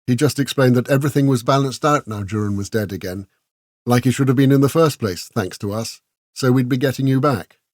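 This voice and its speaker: A man's voice: mid-range voice, a little fast, darkish tone, no echo, natural voice. Brief: young male hero, matter-of-fact and reassuring, read by the narrator, dry close recording.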